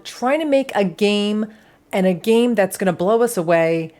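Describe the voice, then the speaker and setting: A woman's voice: mid-range voice, animated, measured pace, darkish tone. A young adult woman hosting a gaming news show in casual commentary, sassy and dramatic, swearing freely.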